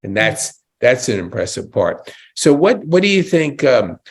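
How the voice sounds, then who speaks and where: A man's voice: medium pitch, big pitch swings, measured pace, gravelly, slightly rough. A man hosting a casual interview podcast, chatty and enthusiastic with frequent exclamations. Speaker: podcast host.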